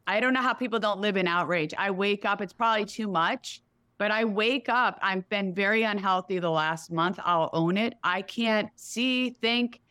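A woman's voice: mid-range voice, moderate pace, bright, forceful tone, clear, resonant tone, dry recording, studio quality. A woman, a real estate executive talking candidly in an interview, blunt and emphatic, speaking in run-on bursts.

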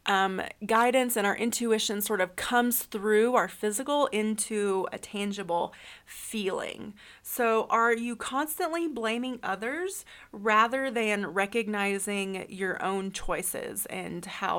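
This woman speaks slowly at a medium pitch with a fairly bright tone. Alone, in the manner of a podcast, she gives a reflective spiritual self-help talk, earnestly questioning the listener again and again and sprinkling in um and you know.

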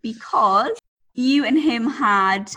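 Female co-host; chatty, self-deprecating, husky voice, slightly high. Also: slow, bright, forceful tone. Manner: chatty, self-mocking, giggly. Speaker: podcast co-host. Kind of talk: casual chat.

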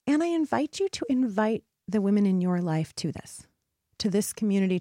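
A woman hosts a solo motivational podcast, addressing her listeners earnestly and encouragingly. Her mid-range voice is warm with lively intonation at a normal speed, recorded in clean studio sound with no room sound.

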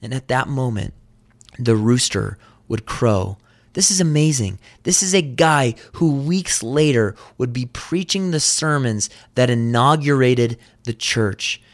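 A man's voice: mid-range voice, animated, measured pace. A man preaching a sermon, retelling a scripture passage vividly and earnestly. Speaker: pastor.

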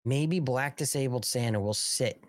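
A man's voice: medium pitch, measured pace, no echo, studio quality. A middle-aged man hosting a live political commentary show, ranting in a mocking, sarcastic way, swearing and laughing often.

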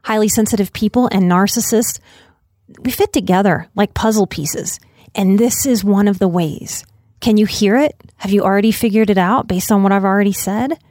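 Measured woman podcast host, dry close mic. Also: mid-range voice, a little mellow, no room sound. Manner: measured, stresses key phrases slowly. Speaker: podcast host, life coach and psychotherapist. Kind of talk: solo podcast talk.

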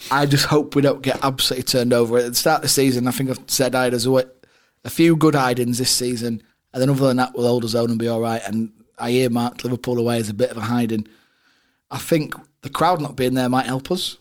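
A man's voice: mid-range voice, steady tone, fast talker. A man co-hosting a football podcast, chatting casually with banter and jokes. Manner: joking, banter-filled. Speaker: podcast co-host.

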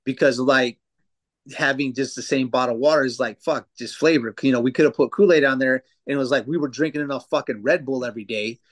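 A man's voice: mid-range voice, fast. A man in his thirties, a tattoo artist guest, telling stories in casual podcast chat with lots of swearing and fillers. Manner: loose, profane storytelling with many fillers.

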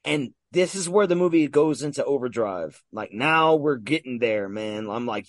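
Excitable man with dry close sound. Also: medium pitch, normal speed, no echo. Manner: excitable, swears freely, stammers on restarts. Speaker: podcast co-host. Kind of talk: casual movie recap chat.

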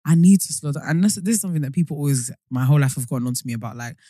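A woman co-hosting a casual podcast, her voice sitting on the low side yet moving expressively up and down. She talks in quick, animated bursts and laughs readily. The sound is close and dry. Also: no echo. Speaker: podcast co-host. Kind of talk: casual chat.

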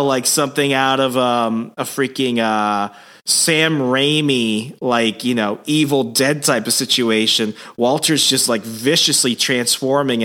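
Male co-host, mid-pitched, lively recap, casual chat. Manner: animated storyteller, slips into voices. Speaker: podcast co-host.

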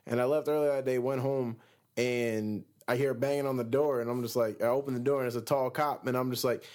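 A man's voice: medium pitch, steady tone, fairly quick, darkish tone. A young man in casual podcast chat, laid-back and wry, swearing casually as he tells a story. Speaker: podcast co-host.

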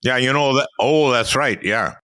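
An older man from Minnesota hosting a casual chat, telling stories in an animated way and laughing often. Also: medium pitch, moderate pace, no echo. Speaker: podcast host.

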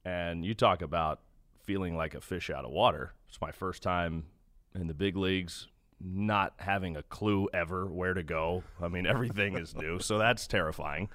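A man's voice: low voice, normal speed, fairly bright tone, dry recording, clean studio sound. A young man, a baseball broadcaster, telling stories in an earnest, self-deprecating way as a guest. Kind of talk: conversational storytelling.

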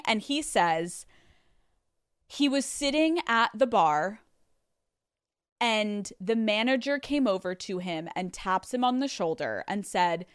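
A woman in her thirties hosting a podcast, telling a story on her own in a lively, cursing way and acting out what people said. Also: mid-range voice, measured pace, dry recording, studio quality. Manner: animated, swearing, acting out quotes. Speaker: podcast host. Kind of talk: solo storytelling to listeners. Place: studio.

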